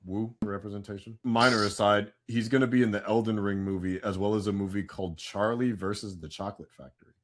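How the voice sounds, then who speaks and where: A man co-hosting a casual pop-culture podcast, chatty and prone to loud bursts of hype. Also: on the low side, steady tone, fast. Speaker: podcast co-host.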